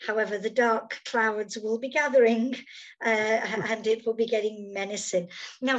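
A woman hosting a relaxed video-call interview, talking from outdoors in the summer. Her voice sits a little higher than most, and she chats along easily with many "uh"s and "um"s. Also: highs cut off. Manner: chatty with many fillers. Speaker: host. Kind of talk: casual interview.

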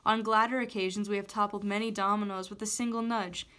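A woman's voice: mid-range voice, fairly even intonation, fast, pushed and bright. Woman teacher reading a chapter aloud.

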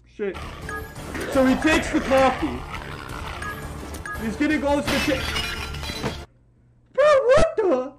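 A woman hosting a comedic reaction video, loud and incredulous, swearing and exclaiming, dropping to a low voice and jumping back high for the jokes. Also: expressive, unhurried, long pauses, over loud music. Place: at home. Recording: noisy home recording.

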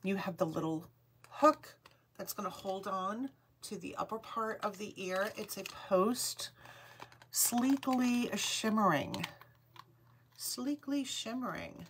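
A woman's voice: medium pitch, slow, a bit bright, slight background noise. A woman hosting a live online jewelry sale, chatting upbeat and calling out item numbers. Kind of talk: live shopping stream chat.

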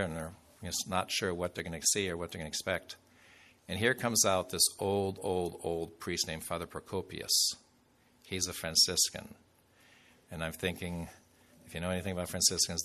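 A man's voice: deep voice, bright, forceful tone, a little hiss or hum. A man preaching a sermon as a bishop, telling a story in a loose, conversational way with fillers and asides.

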